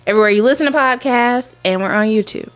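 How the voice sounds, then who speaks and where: A woman's voice: fairly high pitch, quick pace. A woman in her forties co-hosting a podcast in casual chat, giggly and playful. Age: 40s. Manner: giggly, playful, sings a rap hook. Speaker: podcast co-host.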